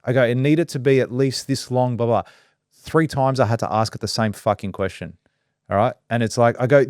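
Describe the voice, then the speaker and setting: Aussie bloke hosting a podcast, swears a lot, acts out the quotes, dry close sound. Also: male voice, mid-range voice, a little fast, no echo. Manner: animated storyteller, swears freely, acts out quotes. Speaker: podcast host. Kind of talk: casual chat.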